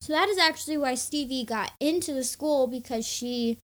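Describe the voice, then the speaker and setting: A woman's voice: sits high, moderate pace. A young woman co-hosting a book podcast, chatting casually and acting out her own reactions as she recaps the plot. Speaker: podcast co-host.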